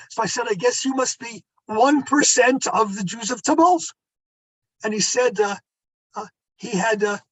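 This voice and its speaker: Older rabbi telling stories, dry close sound. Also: male voice, very high voice, a bit bright, husky, no room sound, low-quality recording. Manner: anecdotal, conversational, asides to the audience. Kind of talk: storytelling talk.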